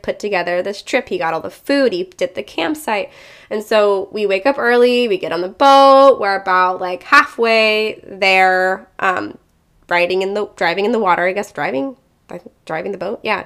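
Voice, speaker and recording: A young woman, a teacher, casually telling viewers a personal story in a chatty, animated way. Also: mid-range voice.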